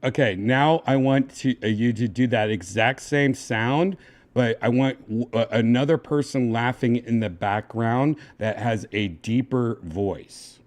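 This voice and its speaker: A man hosting a casual livestream, coaxing and giving step-by-step instructions in a relaxed, chatty way. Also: medium pitch, measured pace. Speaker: livestream host.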